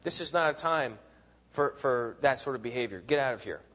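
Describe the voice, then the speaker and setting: A man voicing an old male philosopher who stays calm before his death, retold briskly in a lesson on a dull, lo-fi recording. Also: mid-range voice, big-room sound, voice pushed down. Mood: brusque.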